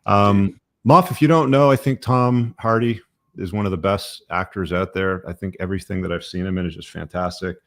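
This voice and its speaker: A man's voice: deep voice, fairly even intonation, normal speed, no echo. A middle-aged man hosting a podcast, giving blunt, profane opinions with many fillers. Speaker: podcast host. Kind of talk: casual podcast talk.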